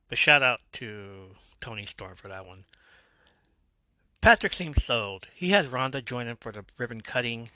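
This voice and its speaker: A male podcast host walks through an episode in loose, casual recap mode. His voice is bright and forward, recorded dry and close. He breaks off into jokey asides and corrects himself as he goes. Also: medium pitch, no room sound. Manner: joking asides, self-correcting.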